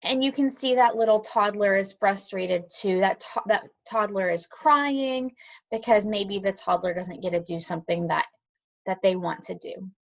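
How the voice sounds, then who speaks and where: A woman with a mid-range voice and a moderate pace leads young children through an online lesson from home. She reads aloud to them, stays encouraging and patient, and has a dog nearby.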